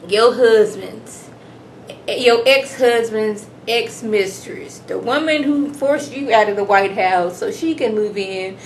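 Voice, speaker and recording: A woman casually recapping a TV drama episode in a chatty, slangy, animated way. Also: medium pitch, slow, echoey room, a little hiss or hum. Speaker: TV episode reviewer.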